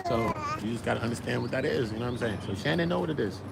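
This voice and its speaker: A young man from Brooklyn with a New York accent, hosting a casual commentary show in an animated, slangy, riffing way. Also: medium pitch, very fast, vocal fry, heavy background noise. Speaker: show host.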